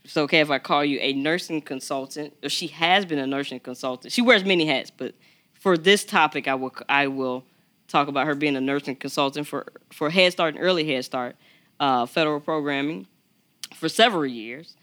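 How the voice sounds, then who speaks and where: A host with a bright, forceful voice leads a casual podcast conversation. They build up introductions with theatrical flair, then ease back into easy talk. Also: mid-range voice, a little fast.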